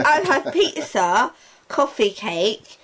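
Chatty Isle of Wight woman, higher voice. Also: sing-song, slow, a loud crowd, low-quality recording. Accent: Isle of Wight English. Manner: chatty, interrupting, reads with stumbles. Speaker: podcast co-host. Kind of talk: casual home podcast.

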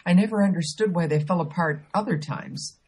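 A woman co-hosting a podcast talks in a relaxed, casual way. Her voice is husky, and she fills her sentences with ums and restarts. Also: on the low side, brisk. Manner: hesitant, many ums and restarts. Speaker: podcast co-host. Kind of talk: casual chat.

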